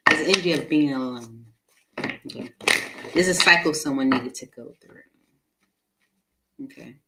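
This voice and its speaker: A woman's voice: low-pitched, heavy background noise. A woman giving a casual live tarot reading, chatty and laughing often, with many fillers. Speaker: tarot reader.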